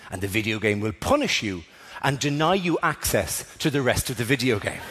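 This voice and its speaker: A man with an Irish accent doing a stand-up routine, animated, swinging between loud shouted bits and quieter asides. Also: mid-range voice. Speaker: stand-up comedian. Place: theatre stage. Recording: live stage recording in a reverberant hall with audience.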